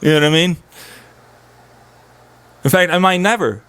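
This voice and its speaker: A man's voice: high voice, normal speed, a bit bright, clear, resonant tone. A young man streaming, venting in an agitated, profane, rambling monologue.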